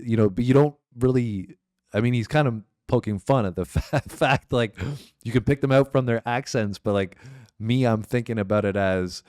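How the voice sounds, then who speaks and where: A man's voice: mid-range voice, moderate pace, darkish tone, no room sound, studio quality. A man in his thirties from Canada co-hosting a reaction video, talking casually with lots of fillers and restarts. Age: 30s. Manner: rambling, hesitant, lots of fillers. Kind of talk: casual chat.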